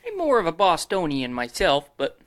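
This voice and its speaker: A man's voice: fairly high pitch, huge pitch swings, normal speed. A man chatting on a podcast, making dry teasing quips. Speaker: podcast guest. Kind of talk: casual chat.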